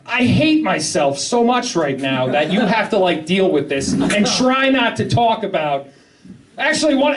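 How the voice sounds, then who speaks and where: A young man doing a rambling, self-deprecating stand-up set, swearing often and undercutting his own jokes. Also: sits high. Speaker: stand-up comedian. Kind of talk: open-mic stand-up set. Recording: live club mic, heard from a distance with audience. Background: crowd laughter.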